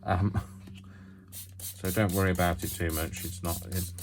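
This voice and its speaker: A man's voice: low voice, little pitch movement, moderate pace. A man chatting his way through a hands-on craft tutorial at home, wandering off into self-mocking asides.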